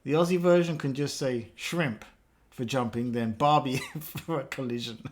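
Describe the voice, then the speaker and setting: A man's voice: mid-range voice, normal speed. A man, chatting casually with live chat viewers while he works, joking around and laughing often. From England. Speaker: live streamer.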